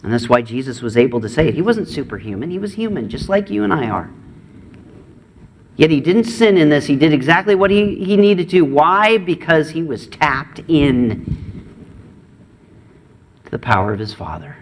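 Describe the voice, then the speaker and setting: A middle-aged man preaching a sermon, earnest, moving between raised and hushed delivery. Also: fairly high pitch, sing-song, normal speed, pauses often, slight background noise. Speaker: pastor.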